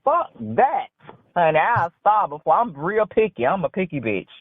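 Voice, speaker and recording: A woman's voice: on the low side, very animated, brisk, no echo. A woman calling in to a talk show, telling a rambling story bluntly and with heavy profanity. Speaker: caller. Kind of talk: casual phone-in storytelling. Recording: dry tinny phone line.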